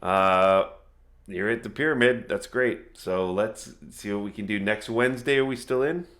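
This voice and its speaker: A man narrating a tabletop game as game master, chatty, laughing easily and slowing down for dramatic moments. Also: fairly low pitch, a bit bright.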